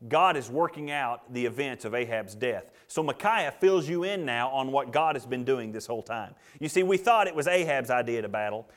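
A man preaching a sermon, acting out the characters' lines with swings between loud and hushed. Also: mid-range voice. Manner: dramatic, acts out the characters' lines. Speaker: pastor.

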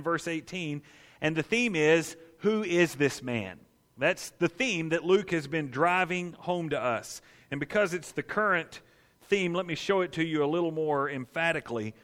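A male pastor delivers a sermon in a fairly high voice, leaning on his main points with emphasis. His words ring out in a church sanctuary with a long hall reverb. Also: fairly bright tone. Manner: emphatic preaching, slowing for key questions. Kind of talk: expository sermon.

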